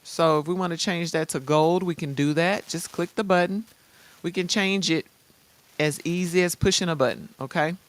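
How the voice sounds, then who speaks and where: A woman's voice: on the low side, normal speed, no room sound. Chatty woman hosting a live tutorial. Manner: lively, chatty, addresses viewers directly; casual slang. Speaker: host. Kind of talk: live-streamed software tutorial.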